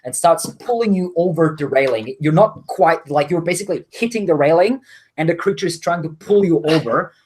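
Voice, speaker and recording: A man's voice: on the high side, animated, fairly quick, darkish tone, slightly rough. A man narrating as game master of a tabletop game, explaining rolls with many hesitations and restarts.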